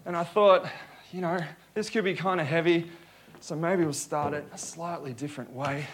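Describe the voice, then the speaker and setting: A man's voice: a little high, steady tone, moderate pace, slight background noise. A male pastor preaching a sermon in a conversational way, joking with the congregation.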